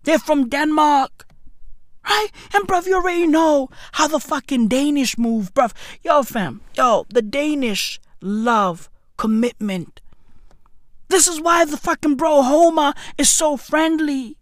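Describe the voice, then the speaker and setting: A woman's voice: high-pitched, takes it slowly, no room sound, clean studio sound. A woman delivering a profane, slangy comedic rant, keeps asking "right?" for emphasis.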